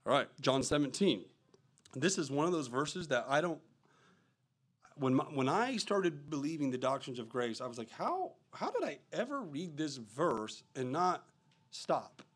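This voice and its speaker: A man preaching a sermon, reading quotes and verses aloud with loud emphasis and dropping into quiet, quick asides. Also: a little high. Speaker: pastor.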